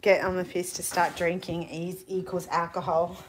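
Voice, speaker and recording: A woman's voice: fairly low pitch, flat delivery, normal speed, over a noisy crowd. A woman hosting a family live stream, chatting casually and reading out viewer comments. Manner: chatty, reads viewer comments, laughs easily. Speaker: vlog host.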